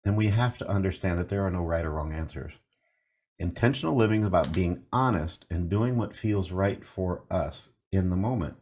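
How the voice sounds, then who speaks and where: A man's voice: sits low, moderate pace, darkish tone. A man in his fifties, a mindfulness coach, giving an earnest reflective talk full of rhetorical questions and repeated key phrases. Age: 50s.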